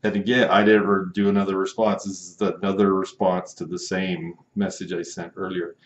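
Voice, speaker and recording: A man's voice: low voice, flat delivery, moderate pace, reverberant, muffled recording. A man hosting a casual vlog, telling a story in an amused, incredulous way with frequent chuckles. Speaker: online seller and video host.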